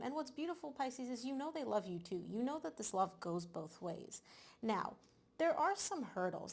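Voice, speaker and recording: Animated woman giving a tarot reading. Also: medium pitch. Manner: animated, emphatic, repeats words for stress. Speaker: tarot reader. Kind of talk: casual tarot reading to camera.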